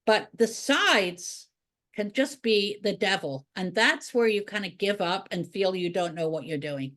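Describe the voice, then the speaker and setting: A woman art teacher walks through a drawing lesson, chatting as she works. She thinks aloud while she draws, and her pitch sits in a middle range. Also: lively intonation, a little slow, fairly bright tone. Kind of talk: drawing tutorial.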